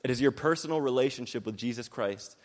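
A young man preaching a sermon quickly and energetically, mixing in jokes and acted-out quotes. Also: medium pitch, long reverb tail.

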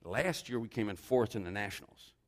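Male pastor, sermon, lively rising-and-falling voice, joking asides, echoey hall. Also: on the low side, a little fast.

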